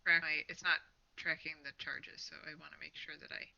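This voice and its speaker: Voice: medium pitch, little pitch movement, fairly quick, creaky, pushed and bright. A player in a tabletop game, chatty and fumbling, often trailing off. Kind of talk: playing a tabletop game over voice chat. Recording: dull lo-fi mic audio.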